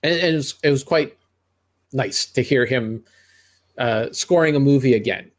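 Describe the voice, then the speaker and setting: A man's voice: mid-range voice, normal speed. Rambling middle-aged man reviewing movies. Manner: rambling, with frequent restarts and asides. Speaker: podcast co-host reviewing movies. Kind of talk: casual movie-review chat.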